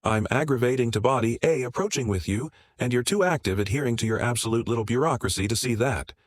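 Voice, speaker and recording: A man voicing a defensive, manipulative woman in a spoken story, with a sharp, insistent way of talking. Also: mid-range voice, fast talker, no room sound, studio quality, close to an everyday voice.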